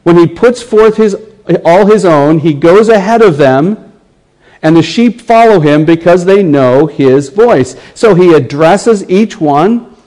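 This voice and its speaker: An American man preaching a sermon, earnest, slowing right down when he quotes scripture. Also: sits high, animated, darkish tone, low-quality recording. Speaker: pastor.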